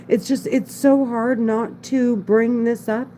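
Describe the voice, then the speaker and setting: Rambling anxious woman with a mellow voice. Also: a little high, fairly even intonation, takes it slowly, hardly any pauses, a little hiss or hum, rough recording. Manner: rambling, repetitive, restarts often; anxious, insistent. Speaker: vlogger. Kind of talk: casual monologue to camera.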